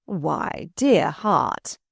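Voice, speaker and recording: A woman reading aloud voices a sardonic, malicious older male courtier who mocks in slow, drawn-out phrases. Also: deep voice, very animated, gravelly, breathy edge, no echo, clean studio sound, heavily acted. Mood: mocking. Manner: mocking, drawn-out.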